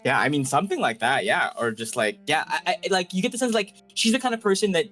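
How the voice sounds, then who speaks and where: Animated game master, rambling in fits. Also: male voice, on the high side, fast talker, soft background music. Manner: rambling, full of "like" fillers. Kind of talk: improvised tabletop narration and rulings.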